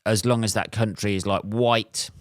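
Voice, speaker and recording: A man's voice: on the low side, fairly even intonation, unhurried, no room sound, studio quality. An English man hosting his own podcast, rambling through a solo monologue with wry, self-mocking asides and lots of ums. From England. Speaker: podcast host.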